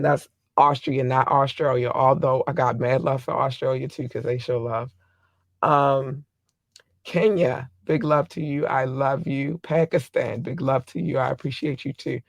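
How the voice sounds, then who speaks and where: Hoarse man, gravelly and dry. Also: mid-range voice, no echo. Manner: rambling, affectionate shout-outs to listeners. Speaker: podcast host. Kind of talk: casual solo podcast monologue.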